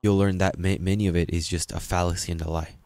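A male pastor preaching a sermon in an emphatic, repetitive way, rising into loud peaks. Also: low voice, flat delivery, quick pace, smooth, dry recording.

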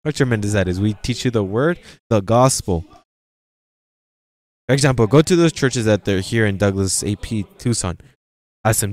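A pastor giving a sermon in church, preaching with energy and sprinkling in frequent amens and repeated phrases. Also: male voice, on the low side, animated, brisk, a little mellow. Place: church sanctuary.

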